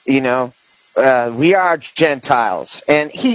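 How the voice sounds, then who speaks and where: A man's voice: mid-range voice, animated, takes it slowly, dry recording, low-quality recording. A man hosting a podcast in casual political chat, rambling with many restarts and fillers. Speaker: podcast host.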